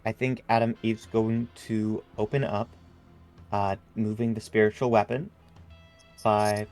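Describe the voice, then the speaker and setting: A man's voice: on the low side, level tone, a little slow, a little mellow, soft background music. A man playing a tabletop game in casual chat, polite and easygoing. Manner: polite, keeps saying lovely. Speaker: player.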